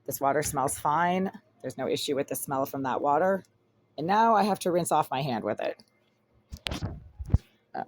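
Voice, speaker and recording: A woman's voice: sits low, animated, normal speed, gravelly, pauses often, slight background noise. A woman filming a vlog in her small apartment on a phone, talking in an insistent, repetitive way and piling up descriptions as she goes. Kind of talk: agitated first-person complaint vlog.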